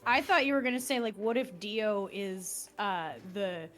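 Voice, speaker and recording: A woman's voice: mid-range voice, expressive, unhurried, a bit bright. A woman co-playing a game on a stream, bantering in a joking, profane way. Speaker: co-player on a gaming stream. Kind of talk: casual gaming chat.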